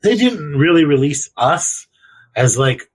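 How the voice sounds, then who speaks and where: A young man co-hosting a podcast in casual chat, rambling and crude, with vivid slang and lively bursts. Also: on the high side, a little slow, slightly rough, rough recording. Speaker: podcast co-host.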